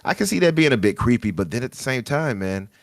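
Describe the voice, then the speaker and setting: A man's voice: mid-range voice, big pitch swings, fast, no echo, studio quality. A man with a Chicago accent, chatting on a gaming podcast and musing aloud about chat comments, hesitant and thoughtful.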